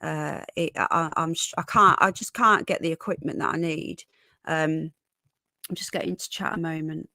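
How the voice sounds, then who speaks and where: Woman, Northern English accent, gravelly edge, dry close sound, tired livestream host reading chat. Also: lowish voice, pushed and bright, no room sound. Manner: greets viewers by name while reading chat; calls viewers darling and sweetheart.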